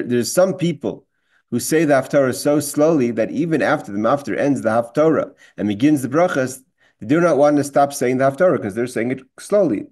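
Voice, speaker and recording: A man's voice: lowish voice, darkish tone. Man teaching a religious law class. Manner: reads a line of text, then explains it in plain English, with restarts. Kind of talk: live class, reading Hebrew text and explaining it.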